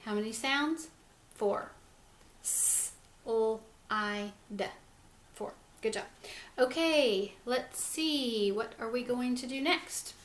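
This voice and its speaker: A woman teaching young children phonics, speaking slowly and sounding out each word letter by letter in a gentle, encouraging way. Her voice sits a little high. The recording is echoey, with faint room ambience behind her. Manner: slow, sounds words out letter by letter.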